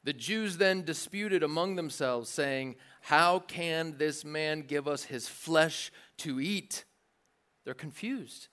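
A man preaching a sermon in a lively, joking way, acting out the voices of the crowd. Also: on the high side, slow. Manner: animated, jokey preaching with acted-out crowd voices. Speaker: pastor.

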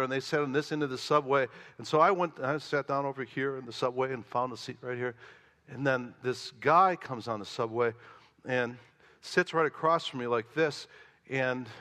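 Man, pastor, sermon, bright forceful voice, slightly high, long hall echo. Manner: animated storytelling, rising loud for emphasis, quiet in prayer.

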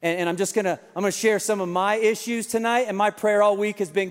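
Male pastor, sermon, high voice, self-deprecating storyteller, church hall reverb. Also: fairly even intonation, quick pace, few pauses, clear, resonant tone.

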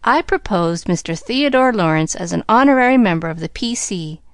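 A woman's voice: mid-range voice, normal speed, clean tone, no room sound, clean studio sound, close to an everyday voice. A woman doing an eager, tomboyish girl. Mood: mock-formal. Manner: earnest, excitable, mock-formal.

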